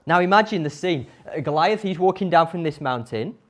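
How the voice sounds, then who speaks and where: A woman tells a Bible story to children with animated energy and frequent questions to her listeners. Her pitch moves widely and expressively. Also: fairly quick. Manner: animated, asks the audience questions.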